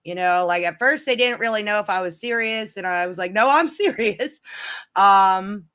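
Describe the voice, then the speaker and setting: A woman's voice: medium pitch, normal speed, fairly bright tone, clean tone. A woman chatting casually to her viewers, telling a story in a rambling way, with many restarts.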